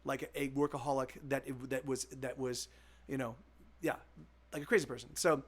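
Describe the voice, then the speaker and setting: A man's voice: medium pitch, fairly even intonation, moderate pace. A young man chatting on his music livestream, rambling in frustration with lots of restarts, fillers and swearing. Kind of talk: casual livestream chat.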